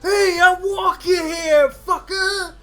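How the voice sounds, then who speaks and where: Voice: very high voice, steady tone, slow pace, sharp tone, faint music behind, voice pushed up, exaggerated voice. A speaker putting on a swaggering male mob boss with a New Jersey mobster accent, barking crude tough-guy taunts. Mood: yelling. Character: gruff male mobster crime boss, brash.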